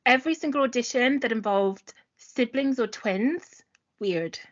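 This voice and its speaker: Chatty young woman co-host. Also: on the high side. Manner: casual, quick and chatty with slang. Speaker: podcast co-host. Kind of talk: casual chat. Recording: dull lo-fi recording.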